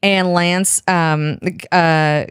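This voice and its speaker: A woman's voice: lowish voice, fairly even intonation, extremely slow, clean tone, no room sound, clean studio sound. A woman co-hosting a podcast, retelling a story in casual chat and acting out the characters' lines.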